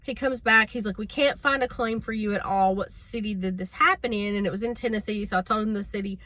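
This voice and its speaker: Lady vlogging, bright tone, chatty and fed up, keeps saying y'all. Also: medium pitch, quick pace. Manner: chatty, exasperated, addresses viewers as y'all. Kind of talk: casual storytelling to camera.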